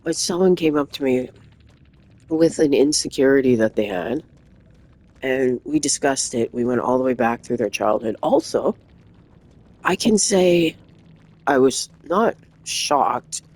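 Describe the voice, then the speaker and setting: Rambling, animated storyteller. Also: mid-range voice, unhurried, long pauses, rough recording. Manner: rambling, animated anecdote with many restarts. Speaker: gaming streamer. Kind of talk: casual storytelling while gaming.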